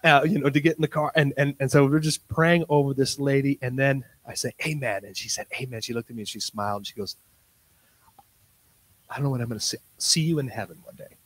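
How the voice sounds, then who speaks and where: A man preaching a sermon, telling a story in acted-out dialogue and swinging from quiet asides to loud, excited bursts. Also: medium pitch, fast talker, rough recording. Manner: tells stories in quoted dialogue.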